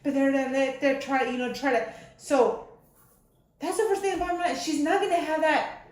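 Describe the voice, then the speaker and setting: A woman with a high voice talks earnestly in a casual podcast chat, switching between English and Spanish. The room adds a clear echo to her voice. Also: steady tone, moderate pace. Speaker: podcast co-host.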